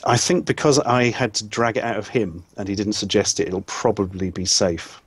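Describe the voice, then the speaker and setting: A man's voice: fairly low pitch, moderate pace, slightly rough, no echo. A man with a wry, suspicious manner, talking casually through a tabletop game plan. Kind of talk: casual in-character planning chat.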